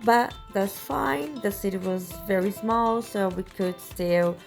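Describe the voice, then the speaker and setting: Slow, chatty woman vlogger. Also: medium pitch, vocal fry, soft background music. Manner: chatty, repeats words for emphasis. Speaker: travel vlogger. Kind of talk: travel vlog voice-over.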